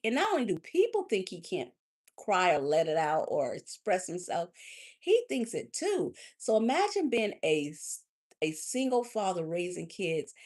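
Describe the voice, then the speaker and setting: A woman life coach hosting a live talk, preacherly and warm, calling listeners honey and baby, swinging between loud and soft. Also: medium pitch.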